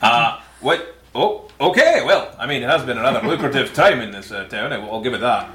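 Bright, hesitant male player. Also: medium pitch, animated. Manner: hesitant, halting. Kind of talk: in-character chat in a tabletop game. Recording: roomy echo with faint noise.

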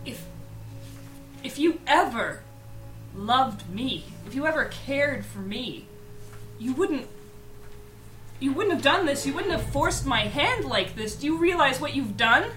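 A furious, heartbroken young woman hurls accusations, as a woman plays her at a tabletop game. Her voice is high and bright. It rings in a roomy echo. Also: brisk, distant mic, faint music behind. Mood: distraught.

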